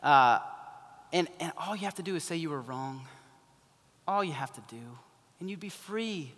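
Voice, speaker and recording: A man delivers a sermon in a chatty way, now and then acting out the people he quotes. His voice sits a little high for a man. A long hall reverb trails after each phrase. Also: animated, moderate pace, a bit bright. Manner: conversational preaching, acting out voices in quoted asides. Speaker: pastor.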